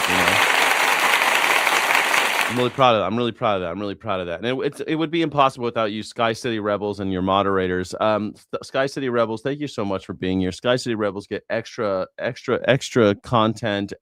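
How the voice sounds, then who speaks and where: A man's voice: lowish voice, a bit bright, clean tone. A man hosting a news reaction livestream, sarcastic, profane and mocking. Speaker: host.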